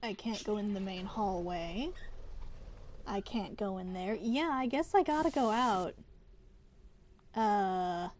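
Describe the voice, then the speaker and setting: A woman's voice: medium pitch, takes it slowly, pauses often, darkish tone, slight background noise. A woman streamer giving casual gaming commentary with puzzled, musing asides. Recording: game music in background.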